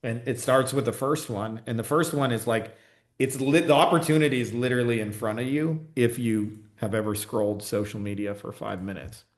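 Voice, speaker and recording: A man talks loosely on a livestream, full of swearing and "like" fillers as he answers comments. His voice sits at an ordinary pitch. The room around him is roomy and echoey. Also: fairly quick. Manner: casual, profane, full of "like" fillers. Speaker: online business coach. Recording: roomy echo.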